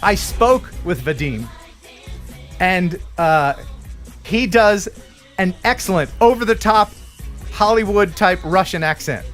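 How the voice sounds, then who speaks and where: A man's voice: high voice, expressive, slow, long pauses, fairly bright tone, soft background music. A man hosting a live stream, joking casually and reading out donations with an upbeat lift. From USA. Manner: jokey, chatty, reads names with upbeat lift. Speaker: livestream host.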